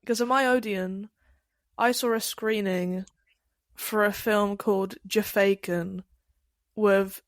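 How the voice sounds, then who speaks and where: Blunt sweary podcast co-host. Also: female voice, medium pitch, fairly even intonation, slow pace, dry recording, clean studio sound. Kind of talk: casual chat.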